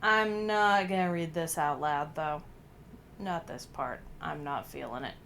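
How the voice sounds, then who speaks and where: A woman's voice: low voice, unhurried, creaky, fairly bright tone, slight background noise. A woman streamer chatting casually through a game, laughing often and swearing now and then, with a slight cough as she gets over being sick. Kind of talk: casual let's-play commentary.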